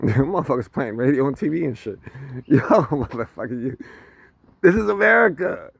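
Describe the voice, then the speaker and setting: A man's voice: medium pitch, moderate pace, gravelly, breathy edge, no echo. A man ranting casually to camera, swearing constantly and laughing between lines. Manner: profane, laughing often, animated. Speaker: vlogger.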